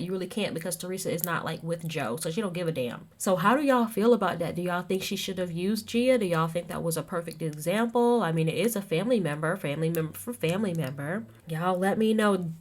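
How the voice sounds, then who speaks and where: Woman podcast host, gossipy recap chat, somewhat low voice, gets loud and dramatic on quotes. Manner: animated, acts out quotes with big pitch jumps.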